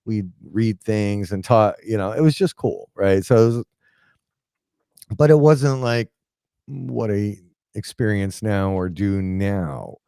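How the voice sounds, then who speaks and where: A man's voice: fairly low pitch, slow, creaky, warm tone, clean tone, no echo, studio quality. A man in his forties telling a personal story in a casual, rambling way, full of fillers, often acting out what people said. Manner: rambling, filler-heavy, drops into quoted dialogue.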